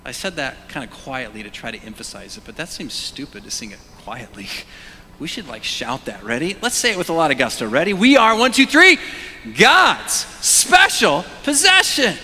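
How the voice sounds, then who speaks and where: A middle-aged male pastor preaching a sermon, animated, moving between loud calls and hushed whispers and prompting the congregation to say words aloud. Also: medium pitch, a little fast, breathy edge. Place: church sanctuary. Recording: long church reverb.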